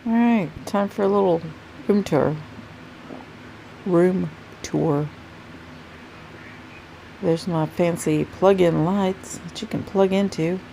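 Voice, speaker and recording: Sleepy-sounding woman with a gravelly voice. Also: lowish voice, dark tone, a little hiss or hum, poor audio. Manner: chatty, rambling, self-correcting. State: sleepy, yawning. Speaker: nail art vlogger. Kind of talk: casual chat to camera. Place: home craft room.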